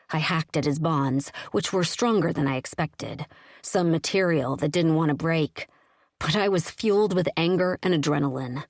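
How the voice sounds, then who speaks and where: Woman, audiobook narrator, first-person storytelling, lower voice, steady delivery, dry close sound. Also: no room sound.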